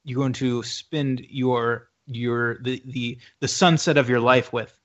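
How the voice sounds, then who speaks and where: A man's voice: medium pitch, steady tone, a bit bright. A man co-hosting a laid-back podcast, his voice sitting in the middle of the range. He rattles through listener segments at speed and chuckles between them. The sound is dull and lo-fi. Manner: reads segments quickly, chuckling. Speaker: podcast co-host. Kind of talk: casual podcast chat. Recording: dull lo-fi audio.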